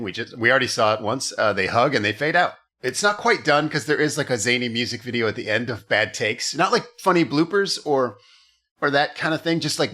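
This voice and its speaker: A man co-hosting a comedy podcast, recapping a bad movie with sarcasm and animated storytelling. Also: mid-range voice. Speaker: podcast co-host.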